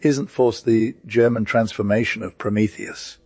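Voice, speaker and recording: Male narrator voicing a heated young Germanophile, scornful, lowish and dry. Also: steady tone, moderate pace, darkish tone, no room sound, soft background music. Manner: agitated, scornful outbursts.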